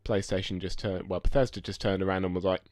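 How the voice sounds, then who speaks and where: A young man co-hosting a casual podcast, talking in a relaxed, laid-back way with quick asides. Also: sits low, no room sound, studio quality. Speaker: podcast co-host. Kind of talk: casual chat. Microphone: close podcast mic.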